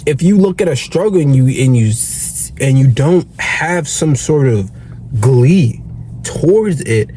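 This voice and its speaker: A man's voice: fairly high pitch, warm tone, a little hiss or hum. A young man giving an earnest, preachy motivational monologue as a self-improvement coach, swearing casually.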